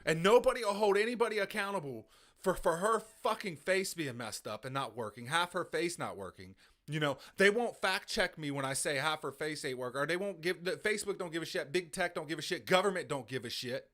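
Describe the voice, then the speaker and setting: Man, livestream host, angry profane rant, higher voice, bright and sharp. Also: expressive, brisk. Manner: heated, profane, repetitive ranting. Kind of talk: angry live commentary.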